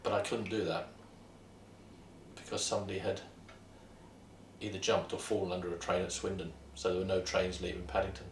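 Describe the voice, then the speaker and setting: A man tells his story in a plain, matter-of-fact way, his voice very deep and gravelly. He talks fast. He sits away from the mic in a roomy space with faint background sound. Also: flat delivery, a little hiss or hum. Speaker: co-host. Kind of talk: casual anecdote telling. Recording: roomy echo, distant mic.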